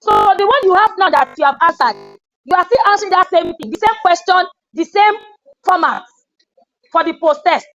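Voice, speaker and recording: A woman with a very high voice runs a classroom training session, animated and demonstrative. The recording is dull and lo-fi, taken in a lecture room. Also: moderate pace. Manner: animated, acts out scolding.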